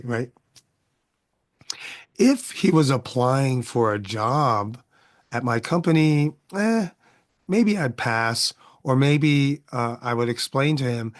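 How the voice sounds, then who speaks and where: A man's voice: mid-range voice, animated, slow. A middle-aged man hosting his own podcast, talking through a casual monologue full of rhetorical questions and tags of "right?". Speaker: podcast host.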